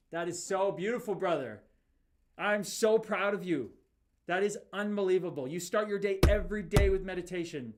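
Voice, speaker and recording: A man in his thirties, a former fighter from Canada, hosting a livestream. He reads chat aloud and talks emphatically, repeating himself like a preacher. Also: a little high. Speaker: podcast host reading live chat. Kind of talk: livestream talk.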